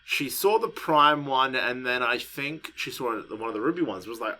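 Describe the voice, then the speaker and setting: A young man co-hosting a casual podcast, rambling, animated and swearing freely as he talks. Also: mid-range voice, moderate pace, hardly any pauses. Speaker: podcast co-host.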